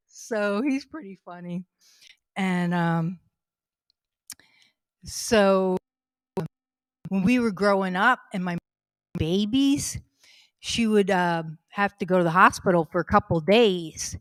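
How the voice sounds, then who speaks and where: A middle-aged woman spins funny family anecdotes in a chatty, easygoing way, often laughing as she tells them. Her voice sits at an ordinary pitch for a woman, and the recording is dry and close. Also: slow, pauses often, dry recording. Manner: chatty, laughs through her own stories. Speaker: storyteller at a fundraising stream. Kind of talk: casual comic anecdotes.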